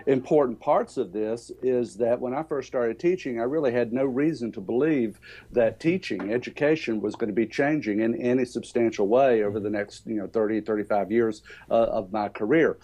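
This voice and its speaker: An older man with a Southern accent, answering interview questions about education in a halting way, with many fillers and restarts. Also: mid-range voice, warm tone. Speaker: education speaker.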